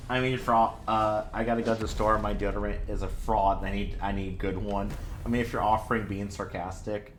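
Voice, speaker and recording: A man's voice: on the low side, steady tone, fairly quick, few pauses, a little hiss or hum. A man streaming a video game and chatting with viewers, telling stories with laughter and a lot of swearing. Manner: chatty, laughing storyteller who swears freely. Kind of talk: casual gameplay chat with viewers.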